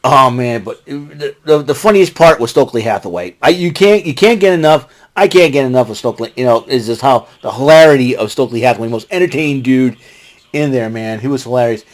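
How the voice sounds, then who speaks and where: A man's voice: mid-range voice, expressive, brisk. A man casually recapping a wrestling show, rambling with fillers and often breaking into laughter. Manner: watching a ball game while talking.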